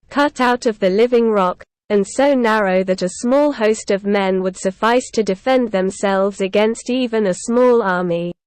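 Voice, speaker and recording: A woman giving a measured, scripted reading of an adventure novel for English learners. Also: mid-range voice, darkish tone, dry recording. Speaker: narrator.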